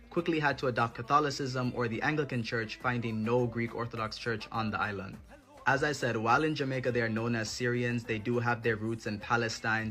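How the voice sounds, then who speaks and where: A man's voice: medium pitch, fairly bright tone. Man narrating a documentary. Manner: measured, informative.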